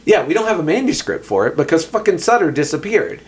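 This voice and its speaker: A man with a fairly high voice talks loosely about a film as a podcast co-host. He keeps agreeing with his partner and jumps into quick put-on readings of the characters' lines. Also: very animated. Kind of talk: casual film discussion.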